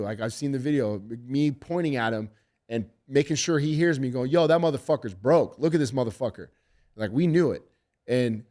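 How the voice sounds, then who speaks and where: A middle-aged man, a fight coach, telling stories with heavy swearing in a casual podcast interview. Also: medium pitch. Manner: animated, profane storytelling. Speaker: MMA head coach.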